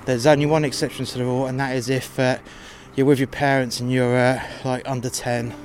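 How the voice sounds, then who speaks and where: A podcast host tells a story about his job in a casual monologue, blunt, sweary and exasperated. His voice is mid-range and level, a little fast, with a bit of hiss or hum on the recording.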